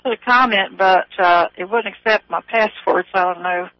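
A woman's voice: medium pitch, moderate pace, dry recording. A Southern-accented woman calls in to a radio show. She rambles from point to point and laughs often. Her voice comes over a dull, dry phone line. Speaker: caller.

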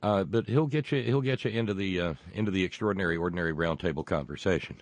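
Male radio host, low voice, dry close sound, rambling folksy pitch with lots of restarts. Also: dry recording. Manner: rambling, halting, many fillers and restarts. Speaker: radio talk show host. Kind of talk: casual on-air talk and fundraising pitch.

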